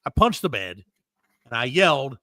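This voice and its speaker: A man's voice: medium pitch, sing-song, normal speed, bright, forceful tone, dry recording, studio quality. A middle-aged man hosting a comedy podcast, ranting with plenty of swearing and telling exasperated stories. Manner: profane, ranting, exasperated storytelling. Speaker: podcast host. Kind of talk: casual comedy podcast chat.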